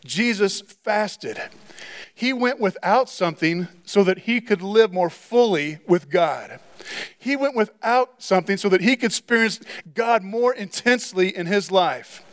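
A man's voice: sits high, expressive, unhurried. A pastor preaching a sermon in church, earnest and repetitive, often restarting his phrases.

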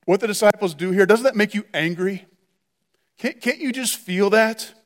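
A man preaching a sermon, telling the story in an animated way and often restarting his words. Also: high voice, normal speed. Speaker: pastor.

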